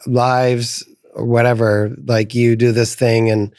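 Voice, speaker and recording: A middle-aged man muses slowly in a podcast chat, his sentences halting as he hunts for words. He speaks at an unhurried pace, recorded dry and close. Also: mid-range voice, flat delivery, darkish tone, no room sound. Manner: slow, halting, searching for words. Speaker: musician guest, the father. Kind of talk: reflective conversation.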